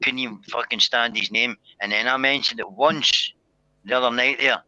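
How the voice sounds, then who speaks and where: Forceful, sharp-voiced rambling man. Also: medium pitch, fairly even intonation, normal speed, no room sound. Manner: long rambling stories, keeps repeating himself, swears. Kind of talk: casual banter on a live stream. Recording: dull, dry lo-fi sound.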